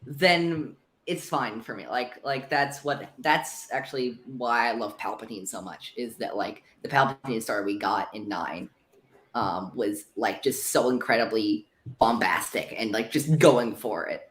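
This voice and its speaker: A man guesting on a podcast, gushing in an animated, casual way. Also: mid-range voice, a little slow. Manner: animated, gushing fan talk. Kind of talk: casual chat. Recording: roomy echo.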